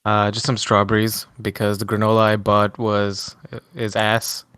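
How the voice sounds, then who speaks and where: College-age male co-host, deadpan delivery, smooth low-ish voice. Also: a little slow, no room sound, clean studio sound. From Pacific US. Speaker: podcast co-host. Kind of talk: casual podcast chat.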